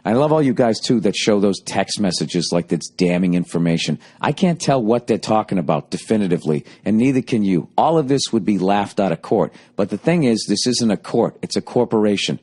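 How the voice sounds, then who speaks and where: A man's voice: on the low side, animated, a little fast, few pauses, darkish tone, slightly rough. A man hosting a solo podcast, half-mocking the ads he reads with profane, sarcastic asides before sliding into a loose rant. His voice sounds worn from nightly shows, and he talks casually and irreverently throughout. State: voice going hoarse from shows. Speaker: podcast host.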